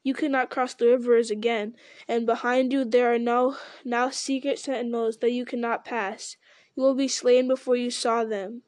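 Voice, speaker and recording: A woman's voice: on the high side, level tone, darkish tone, no room sound, lightly acted. A woman reading aloud the lines of a stern, grave male elf guard. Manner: stern, measured.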